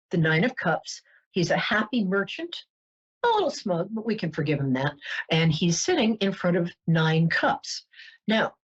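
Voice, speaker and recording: A woman's voice: fairly low pitch, husky. A woman with a New York accent hosting a psychic show, chatting playfully and joking as she goes. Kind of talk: casual chatty monologue. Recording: dull lo-fi webcast audio.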